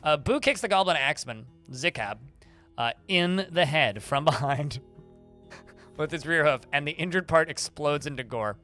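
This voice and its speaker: A man with a bright, forceful, slightly high voice streams a game live. He reads the combat log aloud, stumbling and restarting as he goes. Faint music plays under his voice. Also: animated, normal speed. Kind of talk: livestream gameplay commentary.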